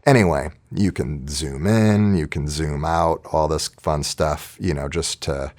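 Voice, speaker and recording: A man's voice: a bass voice, a little slow, darkish tone. A man teaching orchestra planning in a casual, chatty screen-recorded tutorial, thinking aloud as he works.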